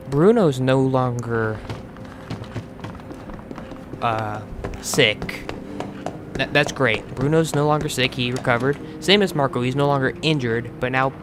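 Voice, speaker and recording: A man's voice: mid-range voice, fairly bright tone. An American man hosting a gaming channel, giving chatty let's play commentary as he plays, swearing freely and restarting words. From United States.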